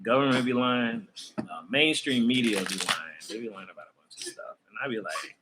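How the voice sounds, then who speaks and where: A man's voice: mid-range voice, brisk, noisy background. A man hosting a tarot channel who talks to his viewers in a loose, conversational spiritual rant, often laughing. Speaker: tarot reader and channel host.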